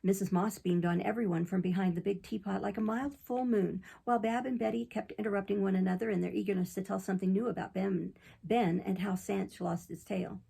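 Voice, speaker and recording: Gravelly-voiced woman reading an audiobook. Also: medium pitch, a little fast, hardly any pauses, rough recording. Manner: steady storytelling reading. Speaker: audiobook narrator. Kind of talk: audiobook narration.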